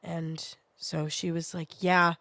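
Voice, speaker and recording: A woman's voice: lowish voice, slow, dry recording. A woman in her twenties who is sick with a sinus infection, telling a rambling story to her stream with lots of swearing. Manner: swears freely, rambling and animated. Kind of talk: casual storytelling to a live chat.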